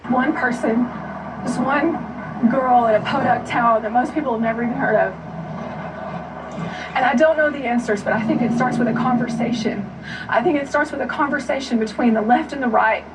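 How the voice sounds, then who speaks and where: A woman's voice: a little high, brisk, noisy background. A woman pleading tearfully as a guest in a televised news interview. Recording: distant television broadcast audio.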